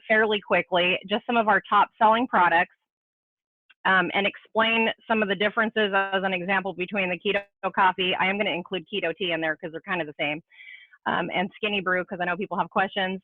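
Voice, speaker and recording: A woman guest expert talks through products in a brisk, practical way on a video call. Her voice arrives thin and phone-like, with dry, close sound. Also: medium pitch, dry recording.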